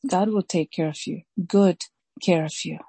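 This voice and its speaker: A woman pastor preaching a sermon slowly and emphatically, repeating key phrases and reading scripture aloud. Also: lowish voice, dark tone, breathy edge, no room sound, low-quality recording. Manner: slow, emphatic preaching with deliberate repetition.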